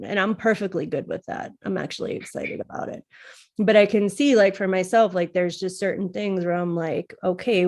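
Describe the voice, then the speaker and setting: A woman with a somewhat low voice co-hosts a podcast. She talks in a casual, reflective and earnest way. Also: a little mellow. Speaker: podcast co-host. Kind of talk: casual chat.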